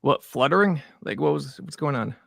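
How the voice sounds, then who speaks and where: A man joining a sports podcast remotely as a guest, chiming in with quick, joking remarks. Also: a little high, lively intonation, creaky, fairly bright tone, no room sound, studio quality. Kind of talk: casual comedic chat. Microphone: remote call.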